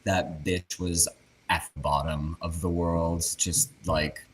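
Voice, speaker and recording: A woman with a low voice who speaks slowly, trading crude, laughing stories as a guest in a casual chat. A crowd murmurs behind her. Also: steady tone. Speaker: guest, drag artist.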